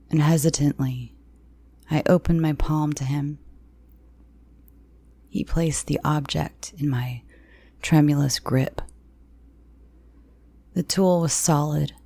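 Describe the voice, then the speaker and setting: A woman narrating a first-person horror story in a slow, hushed, tense reading. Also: low-pitched, gravelly, dry recording.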